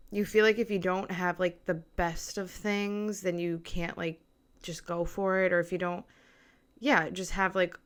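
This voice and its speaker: A young woman talks through her first solo podcast episode, recorded in a small apartment. Her voice sits a little low, and she rambles nervously, packing her sentences with filler words. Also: clean tone. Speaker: podcast host. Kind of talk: casual solo podcast chat. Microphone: mic with camera on tripod.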